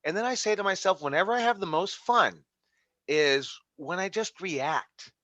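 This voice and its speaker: Man, wrestling coach, video call, bright fairly high voice, rambling with fillers, dry dull lo-fi audio. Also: lively intonation, normal speed, no room sound. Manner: rambling, many fillers and restarts. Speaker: wrestling instructor. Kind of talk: class feedback over video call.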